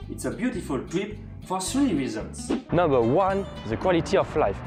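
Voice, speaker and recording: A man's voice: fairly high pitch, big pitch swings, normal speed, hardly any pauses. Young french guy, thick french accent, jokey vlog voiceover, music going behind. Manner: playful, mock-outraged. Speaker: vlogger. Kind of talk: scripted comic vlog narration.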